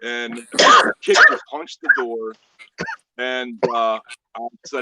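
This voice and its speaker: A man hosting a casual livestream, telling stories in a profane, animated way. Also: medium pitch, takes it slowly, long pauses. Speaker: livestream host. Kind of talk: casual chat.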